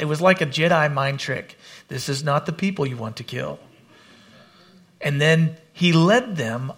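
A man's voice: on the high side, a bit bright. A man preaching a sermon, retelling a scripture story and acting out the characters' lines.

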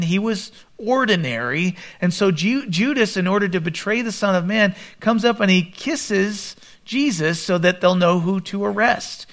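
A man preaching a sermon, reading scripture aloud and commenting, with a quieter, lower voice for the quoted speakers. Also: gravelly. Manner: expressive Bible reading with commentary, drops voice for quoted lines. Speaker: pastor.

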